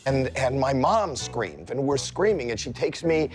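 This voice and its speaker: A man in his sixties, a celebrity guest, telling a story in a casual chat with lively comic timing that jumps into high-pitched yelps as he acts out scenes. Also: measured pace, faint music behind. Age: 60s.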